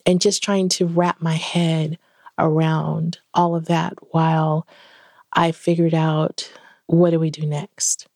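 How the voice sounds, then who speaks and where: A woman's voice: sits low, slow pace, no room sound, clean studio sound. A middle-aged woman, a podcast guest, telling a personal story in an interview and acting out the dialogue in it. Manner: animated, acts out quoted dialogue.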